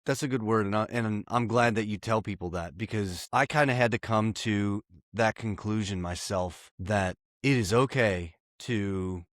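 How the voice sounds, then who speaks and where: Man, podcast co-host, low voice, reflective, agreeable, dry close sound. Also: moderate pace, hardly any pauses, no room sound. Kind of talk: casual chat.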